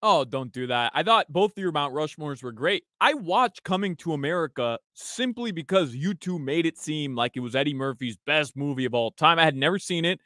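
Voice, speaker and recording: A man's voice: a little high, expressive, a little fast, hardly any pauses, bright, forceful tone, no echo, studio quality. A man on a radio show telling stories in casual chat, laughing often. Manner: chatty storyteller, laughs often.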